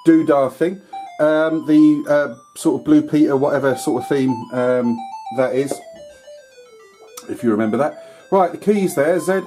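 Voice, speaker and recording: A man's voice: mid-range voice, mellow. A man giving casual, rambling commentary while playing an old computer game, with filler words and mild swearing. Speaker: retro gaming YouTuber.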